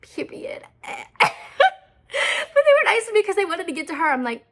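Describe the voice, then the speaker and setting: A woman's voice: extremely high pitch, sing-song, normal speed, a bit bright. A woman in her twenties telling a story to camera in a chatty, self-mocking way, swearing often and filling her talk with "like". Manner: chatty, profane, self-mocking, many "like" fillers. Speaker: storytime vlogger.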